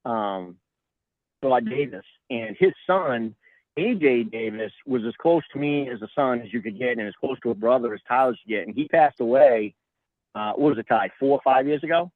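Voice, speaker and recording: A man's voice: medium pitch, moderate pace, no echo. Middle-aged guy on a podcast, tells it like a story, does everyone's voices, tinny phone sound. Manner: animated, acts out quoted voices. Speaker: guest. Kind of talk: casual storytelling. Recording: tinny phone-like line, dry.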